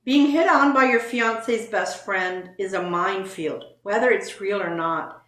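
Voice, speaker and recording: A woman's voice: mid-range voice, unhurried, a bit bright, echoey room. A woman co-hosting a casual show, reading online posts aloud and commenting on them.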